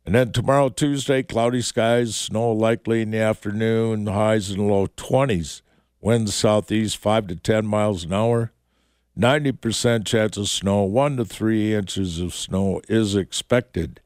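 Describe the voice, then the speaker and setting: Man radio DJ with a fairly low, gravelly voice, slow on-air patter, dry studio sound. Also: fairly even intonation, darkish tone, dry recording. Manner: unhurried, reads the forecast in short halting phrases. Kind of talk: radio DJ patter and weather forecast.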